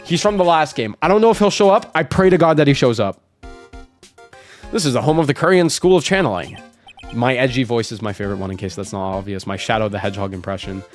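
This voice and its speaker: A man's voice: mid-range voice, fast, faint music behind. A man streaming a story game, chatting casually, correcting himself and cursing offhandedly. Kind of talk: casual game let's play commentary.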